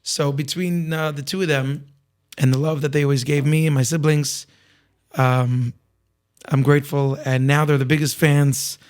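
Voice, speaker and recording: A man with a slightly raspy voice, a singer talking candidly as a podcast guest, reflective and full of restarts. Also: fairly high pitch, fairly even intonation, moderate pace. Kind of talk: casual interview conversation.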